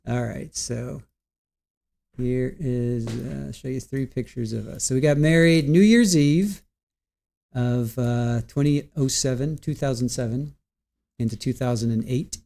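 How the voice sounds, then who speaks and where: A man's voice: medium pitch, a little slow, gravelly, mellow. A man in his forties hosting a casual livestream, rambling, stumbling over words and reading viewer comments aloud. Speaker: livestream host.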